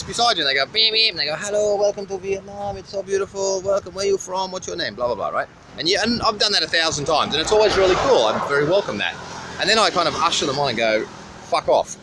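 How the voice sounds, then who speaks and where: Australian man, outdoor roadside vlog, swears a lot, rambling storyteller, bright voice, lively pitch. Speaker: vlogger. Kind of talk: casual roadside travel vlog. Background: faint passing traffic.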